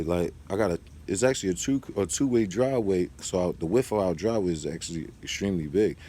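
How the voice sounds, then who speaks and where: A man's voice: sits low, quick pace, hardly any pauses, warm tone, breathy edge. A man talks casually to camera in a vlog, rambling through a story and drifting into advice. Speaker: vlogger.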